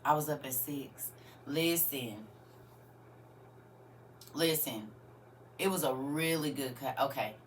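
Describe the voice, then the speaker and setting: A woman's voice: extremely low pitch, slow pace, long pauses, a little hiss or hum. A woman hosting a casual livestream, chatting with viewers and often laughing as she answers their comments. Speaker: livestream host.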